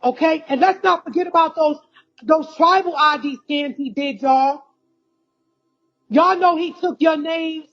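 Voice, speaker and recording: A woman's voice: sits high, unhurried, fairly bright tone. A woman from the United States giving a heated, accusatory monologue to her followers, repeating herself and calling out to them directly. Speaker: vlogger addressing followers. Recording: dull lo-fi recording.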